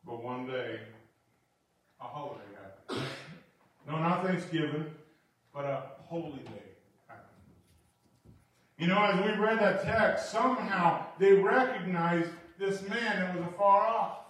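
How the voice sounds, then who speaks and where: A man preaching a sermon, animated and swinging from quiet asides to shouting. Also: sits high, measured pace, pauses often. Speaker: pastor. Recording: echoey hall, from far off.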